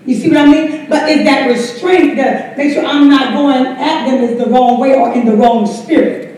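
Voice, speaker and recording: Southern US woman pastor, high bright voice, lively preaching, faint background hiss, heard from across an echoey hall. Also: normal speed, distant mic. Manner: exclaims "come on" often, laughs while preaching. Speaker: pastor leading Bible study. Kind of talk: lively sermon-style teaching. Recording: echoey church hall mic from afar.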